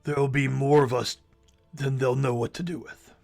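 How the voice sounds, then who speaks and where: A man voicing a proud, many-armed male shaman in a tabletop game, speaking slowly and deliberately. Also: medium pitch, fairly even intonation, creaky, a little mellow, soft background music, close to an everyday voice. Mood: resolute.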